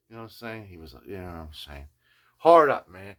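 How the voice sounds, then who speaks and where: A man's voice: fairly low pitch, very animated, a little fast, a bit bright. An older man who hosts a guitar restoration video journal, telling a long casual story and adding "you know what I mean" again and again. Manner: slips into playful voices when quoting people.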